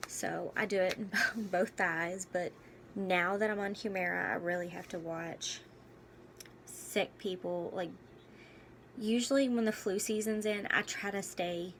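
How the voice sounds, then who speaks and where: A young woman vlogging casually about her own life, halting and candid with many fillers, and losing her voice. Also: on the low side, fairly even intonation, fairly bright tone, slight background noise. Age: young adult. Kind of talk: casual personal vlog.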